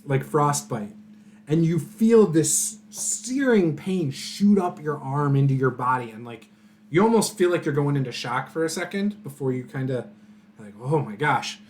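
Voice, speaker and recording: A man narrates a tabletop battle as game master, stumbling through descriptions with plenty of fillers. His pitch rises and falls in a lively way. Light hiss sits under the recording. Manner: casual, halting narration with many "like"s.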